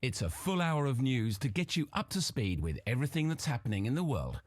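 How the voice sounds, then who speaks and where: An actor playing a calm male radio news anchor in a video game, reading the news in a smooth, measured broadcast style. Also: mid-range voice, no echo. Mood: steady.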